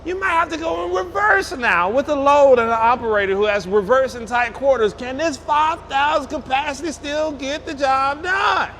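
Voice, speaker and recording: Speaking at normal speed with hardly any pauses, a forklift salesman uses a very high, bright, forceful voice to show off a lift outside. He's hyped and exuberant, whooping as he drives and praising it again and again amid faint outdoor and vehicle noise.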